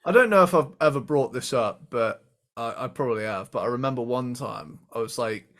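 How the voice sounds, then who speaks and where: A man's voice: mid-range voice, brisk, fairly bright tone. A man with a mixed British and American accent co-hosting a music podcast, telling stories and laughing often. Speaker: podcast co-host. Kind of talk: casual chat.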